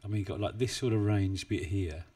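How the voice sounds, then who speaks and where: A low-voiced man talks casually through a live stream, rambling and self-deprecating as he goes. His desk mic sits a bit too far away, so he sounds distant. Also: brisk, dark tone, breathy edge. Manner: chatty, rambling, self-deprecating, chuckles often. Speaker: forex trading live streamer. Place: home desk in the UK. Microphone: desk mic, not well placed.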